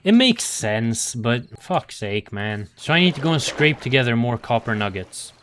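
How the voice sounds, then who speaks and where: A man's voice: mid-range voice, big pitch swings, normal speed, fairly bright tone, slight background noise. Young man, casual gameplay commentary, swears a lot, talks to himself, exasperated grumbling. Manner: sing-song baby talk to animals. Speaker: gaming video creator.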